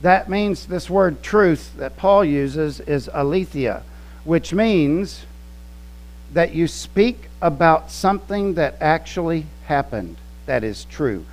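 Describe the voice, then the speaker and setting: Guy preaching real slow and deliberate, kinda higher voice, faint hum behind. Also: animated, poor audio. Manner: slow, emphatic teaching with quoted scripture and word studies. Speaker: pastor. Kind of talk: sermon.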